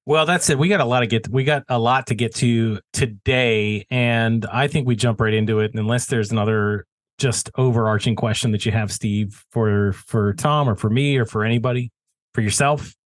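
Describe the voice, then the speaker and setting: A man's voice: mid-range voice, fairly even intonation, normal speed, dry recording. A man hosting a casual podcast, joking with his co-hosts and announcing categories in a mock-formal way. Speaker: podcast host.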